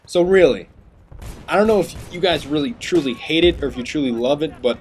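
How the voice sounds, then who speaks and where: Rambling, excitable gaming commentator man. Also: on the high side, fairly quick, slight background noise. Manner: chatty, sidetracked, excitable.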